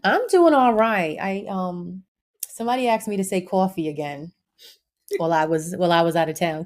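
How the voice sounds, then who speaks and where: A woman co-hosting a podcast, talking in a relaxed, casual way. She teases her sister playfully and laughs at herself along the way. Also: fairly low pitch, moderate pace. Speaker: podcast co-host. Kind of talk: casual chat.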